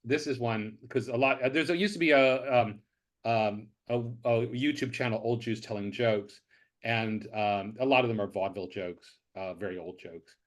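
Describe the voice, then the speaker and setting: Brief: male guest, professor, mid-pitched voice, halting starts, then easy storytelling. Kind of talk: casual conversation, telling jokes.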